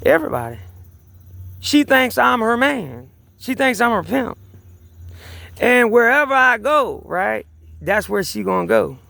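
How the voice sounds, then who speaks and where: Gravelly, high-voiced man ranting. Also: big pitch swings, unhurried, long pauses, bright, forceful tone, dry recording. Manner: agitated, profane, repeats himself, many restarts. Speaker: vlogger. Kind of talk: rambling personal rant to camera.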